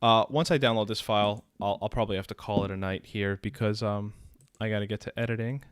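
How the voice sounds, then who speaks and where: A man's voice: fairly low pitch, fairly even intonation, quick pace, clear, resonant tone, no room sound, studio quality. A man co-hosting a casual podcast stream, loose and laughing as he thanks viewers in the chat. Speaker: podcast co-host.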